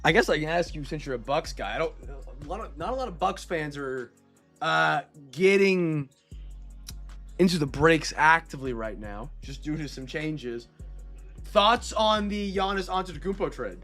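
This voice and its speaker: A man's voice: a little high, animated, moderate pace, a bit bright, soft background music. A man hosting a live-streamed trading card break, chatting casually with viewers and reading out player names as he goes.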